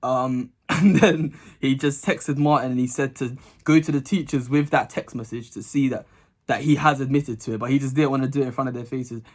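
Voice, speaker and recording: A young vlogger with a medium-pitched voice speaks briskly, telling his channel a story from school. He's animated, acting out the dialogue in different voices and laughing a lot.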